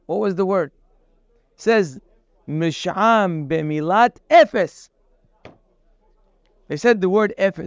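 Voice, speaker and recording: A man leads a Torah class at an unhurried, measured pace, quoting Hebrew verses and translating them one by one. His voice is high and clear. The sound is dry and close. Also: no room sound. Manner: acts out quoted speech with sudden raised emphasis. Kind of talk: lecture-style Torah class.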